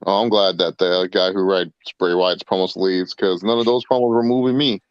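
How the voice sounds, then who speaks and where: A man's voice: low voice, fairly even intonation, moderate pace, dry recording, dull audio. A man co-hosting a casual watch-along chat, brash and profane, joking and mocking people. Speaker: podcast co-host.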